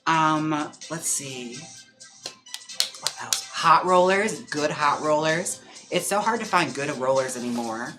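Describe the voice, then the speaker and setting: A man hosting a livestream in casual chat, talking with lots of fillers and quick laughs. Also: fairly high pitch, music in the background. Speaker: live-stream host. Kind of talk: casual chat during a wig-styling livestream.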